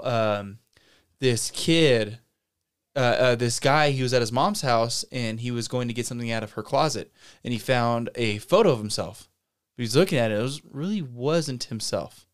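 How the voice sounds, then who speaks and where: A man's voice: medium pitch, clear, resonant tone. A man co-hosting a podcast, casually retelling a story in a rambling way and acting out the quotes. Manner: rambling, retells stories with animated quoted voices. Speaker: podcast co-host. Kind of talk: casual chat.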